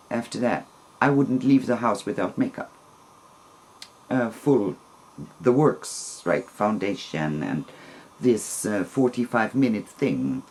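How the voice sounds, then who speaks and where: A woman's voice: a bass voice, a little mellow. A woman, telling a personal story to camera in a hesitant way, often restarting and searching for words. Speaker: vlogger.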